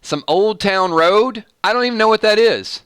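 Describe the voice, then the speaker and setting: Bright Southern-accented man hosting a stream. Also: high voice, expressive, moderate pace, clean tone, dry recording. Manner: jokey, reads viewer comments aloud. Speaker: live stream host. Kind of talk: casual live stream chat.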